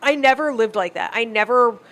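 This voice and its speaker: A fairly high-voiced woman co-hosting a comedy podcast. She talks bluntly, swearing freely and scolding her partner in jest, close on a studio mic. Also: fairly quick, fairly bright tone. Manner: blunt, profane, mock-scolding. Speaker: podcast co-host. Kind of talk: casual comedic podcast banter.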